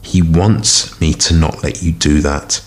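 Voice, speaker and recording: A man's voice: very deep voice, fairly even intonation, unhurried. A man voicing a furious male shadow monster in a fiction reading, snarling and swearing. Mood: grim.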